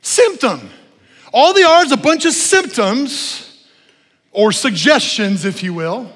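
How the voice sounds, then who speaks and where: Middle-aged guy pastor preaching, high voice, big echoey church sound. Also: unhurried. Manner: animated preaching, storytelling with voiced asides. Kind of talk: sermon. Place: church sanctuary. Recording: long hall reverb.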